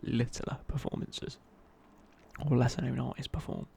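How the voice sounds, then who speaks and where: A man's voice: mid-range voice, little pitch movement, moderate pace, gravelly, warm tone, slight background noise. A young man telling a rambling casual story in a whispered ASMR chat. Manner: rambling, casual, many fillers and restarts. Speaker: ASMR creator.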